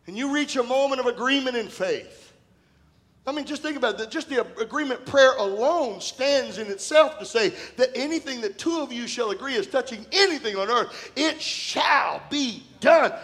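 A man with a notably high-pitched voice preaches to his congregation in a church. He tells stories from his own ministry in an easy, conversational way. Now and then he breaks into shouts and laughter. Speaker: pastor. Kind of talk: sermon with personal stories. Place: church sanctuary.

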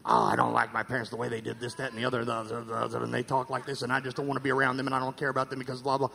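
A man's voice: medium pitch, monotone, racing, vocal fry, sharp tone, a little hiss or hum, pitched below the performer's own voice. A man voicing a grown child who whines and complains about their parents in a mocking, rattled-off tone.

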